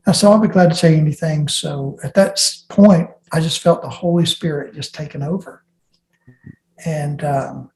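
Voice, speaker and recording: A man's voice: a little high, creaky, darkish tone. A man giving an earnest personal testimony as an interview guest, often restarting his sentences. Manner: earnest storytelling with frequent restarts. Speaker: interview guest, plane crash survivor. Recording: roomy echo.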